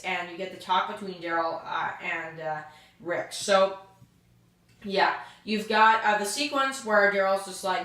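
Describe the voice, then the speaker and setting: A woman's voice: medium pitch, sharp tone. A woman recapping and reviewing a TV episode in a loose, rambling way, full of fillers, and briefly acting out characters' lines. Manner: acts out characters' lines in quick asides. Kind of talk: casual spoken recap and review. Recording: very echoey room.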